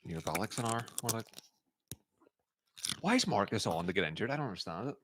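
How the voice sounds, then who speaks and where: A man co-hosting a live football watchalong, chatting casually with quick, joking remarks. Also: on the low side, very animated, noisy background. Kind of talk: casual chat.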